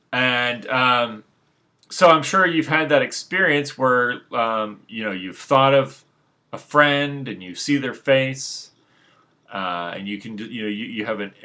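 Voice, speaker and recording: A man's voice: medium pitch, pushed and bright. A man speaking off the cuff about spirituality in a rambling monologue, full of restarts and fillers, frank and unbothered. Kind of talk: unscripted monologue.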